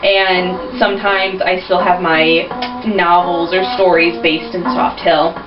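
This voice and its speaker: A woman's voice: fairly low pitch, little pitch movement, slow pace. A young woman chatting casually and rambling as she narrates a video game. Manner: chatty, rambling, self-deprecating. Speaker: gameplay narrator. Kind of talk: casual gameplay commentary. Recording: roomy, distant, dull, with game music.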